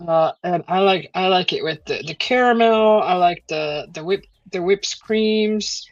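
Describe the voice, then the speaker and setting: A woman with a lowish voice chats loosely with her live stream viewers, trailing off and restarting as she goes. Her talk is full of fillers and small chuckles. The sound is dry and a bit dull, like lo-fi stream audio. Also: unhurried, no room sound. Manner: rambling, many fillers and restarts, chuckles often. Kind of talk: casual chat reading out live chat. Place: at home.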